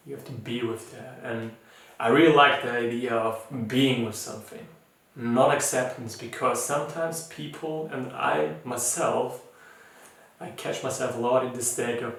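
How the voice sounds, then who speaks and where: A man with a non-native English accent, leading a mindfulness challenge as its teacher in an informal, gentle talk full of fillers and restarts. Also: medium pitch, fairly even intonation, a little slow, gravelly. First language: not English. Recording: echoey room, voice from far off.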